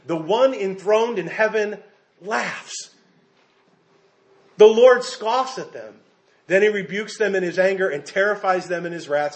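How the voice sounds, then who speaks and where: An American man preaching a sermon, animated and emphatic, with jokes for the congregation. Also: high voice, unhurried. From United States. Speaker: pastor.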